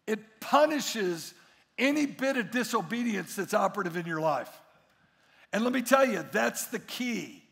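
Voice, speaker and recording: High-voiced, gravelly pastor in a big hall. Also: male voice. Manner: animated storyteller who acts out voices in his anecdotes. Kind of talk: sermon. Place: large church hall.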